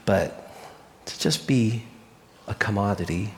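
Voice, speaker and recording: A man telling a story in a sermon, expressive and often dropping to a hushed voice. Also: on the low side, slow, big-room sound, slight background noise.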